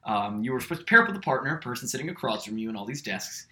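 A young man co-hosting a casual podcast, telling a long story in an animated way and acting out the people he quotes. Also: medium pitch, racing. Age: young adult. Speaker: podcast co-host.

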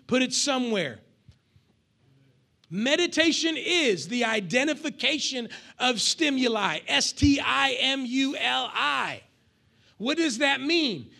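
High, bright-voiced preaching man. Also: creaky. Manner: lively preaching with call-and-response and acted asides. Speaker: pastor. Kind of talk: sermon.

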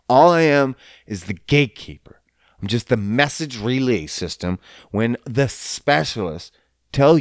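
A man's voice: fairly low pitch, no room sound, clean studio sound. A man in a casual, profane rant who swears often and slips into mocking voices. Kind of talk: casual ranting monologue.

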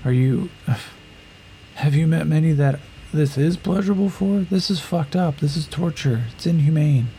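A man's voice: on the high side, a little slow, dark tone, slight background noise, voice pushed up, poor audio. A man voicing a weary human fighter with chemical augmentations, who talks casually, mocks himself and swears. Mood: wry. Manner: casual, self-deprecating, swears.

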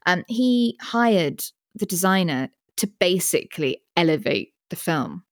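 A woman's voice: fairly low pitch, sing-song, measured pace, dry recording. A British woman co-hosting a podcast, chatting enthusiastically into a studio mic with a pop filter and often restarting her sentences. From Britain. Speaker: podcast co-host. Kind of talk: casual chat. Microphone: studio microphone with pop filter.

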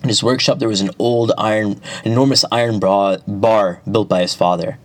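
Low-voiced man telling an epic tale. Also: steady tone, moderate pace, dry recording. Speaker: storyteller. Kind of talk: narrating an epic folk tale.

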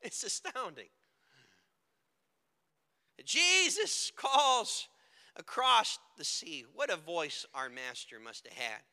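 A male preacher giving a dramatic sermon, moving between hushed and loud delivery. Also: high voice, animated, takes it slowly, pauses often. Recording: echoey hall with long reverb.

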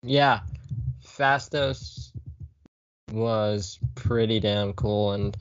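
A man's voice: lowish voice, very slow, dry recording. Dry, dull-sounding joking man. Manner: joking, profane, rambling. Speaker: podcast co-host. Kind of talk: casual movie discussion.

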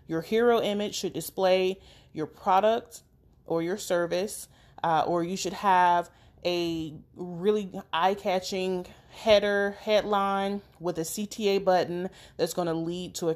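A woman's voice: fairly low pitch, darkish tone. A woman giving practical, direct advice on running a business website, with occasional fillers. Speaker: business coach. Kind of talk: instructional talk.

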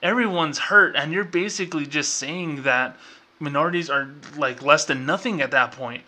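A man's voice: on the high side, moderate pace, pushed and bright. A man hosting his own show, ranting in a casual, exasperated and sarcastic way, full of fillers and restarts. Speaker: podcast host.

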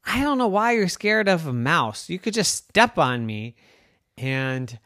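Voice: mid-range voice, very animated, a little slow, a bit bright, no room sound, studio quality, pitched above the performer's own voice. A storyteller voicing a small, brave, boastful mouse who pleads and insists he can play. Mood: insistent.

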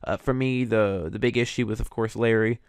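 A man's voice: on the low side, fairly even intonation, a little fast, clean tone, no echo. A man hosting, giving casual, hedging commentary on cartoon voice recasts, with frequent fillers. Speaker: host reviewing voice recasts.

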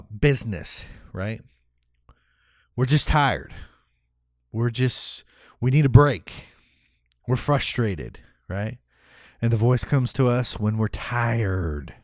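A man giving a motivational talk, energetic and rhetorical, often asking "right?". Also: mid-range voice, no echo, studio quality. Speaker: motivational speaker.

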